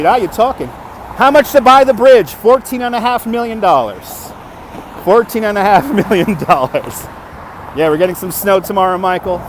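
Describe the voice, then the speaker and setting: A man with a fairly high voice hosts a casual walking livestream, chatting and laughing as he answers viewers. He is recorded on a phone on a gimbal outdoors at night, with faint street traffic behind him. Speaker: livestream host. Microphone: phone on a handheld gimbal.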